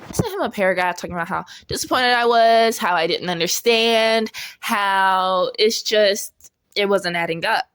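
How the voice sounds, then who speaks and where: A young woman telling a casual storytime as a vlogger, chatty and animated, laughing often as she talks. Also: medium pitch, normal speed, clean tone.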